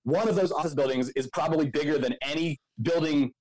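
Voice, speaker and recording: Fairly high-pitched and darkish in tone, this young Philly-area man talks quickly, rambling through a long tale stuffed with "um" and "like." He co-founded a local news outlet and co-hosts this laid-back podcast, captured roughly with no room sound.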